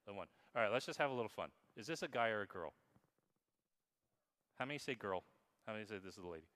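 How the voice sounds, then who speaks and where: A man giving a lively conference keynote on marketing, playful and quizzing the crowd, reading examples aloud in exaggerated voices. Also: on the low side, fast. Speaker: keynote speaker. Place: conference hall with audience. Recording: long hall reverb.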